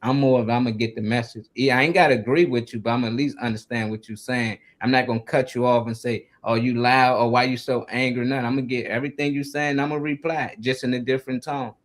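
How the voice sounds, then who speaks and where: A man in casual talk-show chat, speaking at an everyday middle pitch. He talks in a loose, conversational way, sprinkled with "you know" and "like". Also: fast talker, hardly any pauses. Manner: animated, acts out yelling coaches and sergeants.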